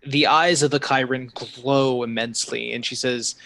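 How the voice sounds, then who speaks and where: A man's voice: medium pitch, fairly even intonation, gravelly, pushed and bright. Casual male game master narrating. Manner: casual, halting, many fillers.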